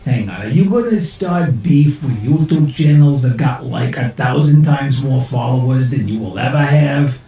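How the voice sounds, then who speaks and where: A man voicing a sarcastic male AI sidekick who heckles in casual slang, with a gravelly voice. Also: medium pitch, normal speed, few pauses, dark tone, soft background music, close to an everyday voice. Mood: snarky. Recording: very echoey room.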